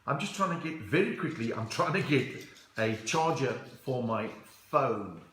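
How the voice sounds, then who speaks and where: A man's voice: mid-range voice, very animated, normal speed, fairly bright tone, echoey room, slight background noise. A South African man doing a playful live-stream comedy chat from his home, reading comments and switching into accents. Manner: chatty, playful, slips in and out of accents. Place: room at home.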